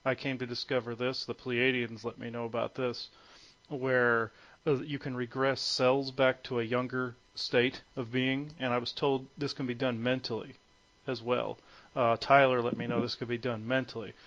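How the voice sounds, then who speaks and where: A man's voice: mid-range voice, little pitch movement, moderate pace, a bit bright. A man speaking as a guest on a conference call, hesitant and full of fillers and restarts. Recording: muffled lo-fi phone audio.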